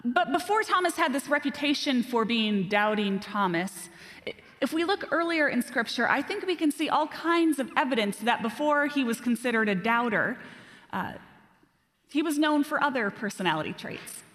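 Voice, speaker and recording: A woman preaches a sermon in a fairly high voice, animated and self-deprecating as she tells stories. Her voice rings out with a long reverb, as in a large hall. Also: moderate pace.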